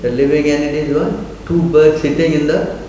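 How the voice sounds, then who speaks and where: This scripture class lecturer has a fairly high, dark-toned voice and a flat delivery at a moderate pace. He keeps pressing the audience with questions, asking them again and again to respond, while the echoey room carries faint noise.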